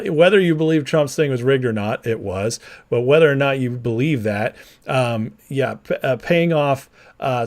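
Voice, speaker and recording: A man's voice: mid-range voice, a little mellow. Male livestream host, blunt and combative, mid-range voice, casual live political commentary while reading chat.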